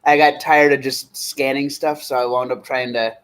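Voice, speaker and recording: Man, 30s, relaxed streamer host, loose chatty delivery, medium voice. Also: medium pitch, poor audio. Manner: rambling, easygoing, slow when reading names aloud. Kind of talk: casual live-stream chat.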